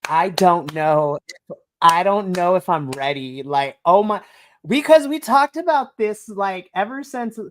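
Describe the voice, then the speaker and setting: An excitable podcast co-host chatting casually about a show. Their voice sits at a middle pitch. They retell moments by acting out their own reactions in quotes. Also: measured pace. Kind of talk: casual wrestling review chat. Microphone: podcast mic.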